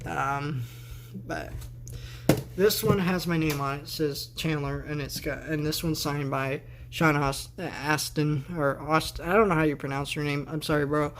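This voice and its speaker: A man's voice: fairly high pitch, steady tone, unhurried, a bit bright, slight background noise. A man vlogging a casual tour of his bedroom on a handheld camera, rambling with sarcastic asides. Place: bedroom, indoors.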